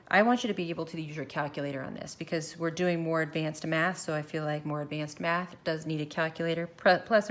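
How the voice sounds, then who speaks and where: Woman, math teacher, recorded lesson, slightly low pitch, step-by-step explaining, phone-filmed worksheet. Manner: walks through steps slowly, thinking aloud. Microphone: phone camera filming her worksheet.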